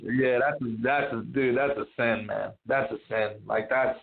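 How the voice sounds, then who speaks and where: A man's voice: medium pitch, fairly even intonation, a little slow, creaky. A man from New Jersey, a guest comedian in a casual chat, talking loosely with lots of "man" and "you know". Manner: chatty, lots of fillers like "man". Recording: tinny phone-like line.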